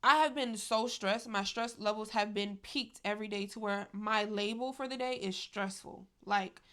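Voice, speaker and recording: A young woman speaks straight to her viewers in a casual, confessional vlog. She talks candidly and with emphasis, leaning on "y'all" and "like" as she goes, in a voice of middling pitch. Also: moderate pace, pushed and bright, smooth. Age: young adult. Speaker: vlogger.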